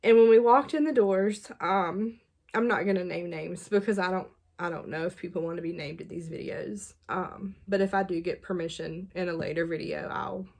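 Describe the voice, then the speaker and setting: Chatty woman in her 30s, slightly gravelly voice, rambly confessional storytelling full of ums. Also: fairly low pitch, normal speed, darkish tone. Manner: chatty, many fillers and restarts, laughs between thoughts. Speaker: channel host sharing her faith story.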